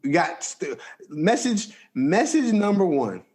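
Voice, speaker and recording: A young man hosts a podcast and tells stories in loose slang. His pitch sits a little high and swings all over the place as he acts out each moment. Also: slow. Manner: animated, slangy storytelling with big pitch jumps. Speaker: podcast host. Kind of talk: casual storytelling.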